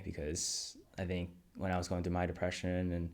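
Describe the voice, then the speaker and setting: A man's voice: sits low, fairly even intonation, normal speed. A young man hosting a podcast interview, chatty and encouraging toward his guest. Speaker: host.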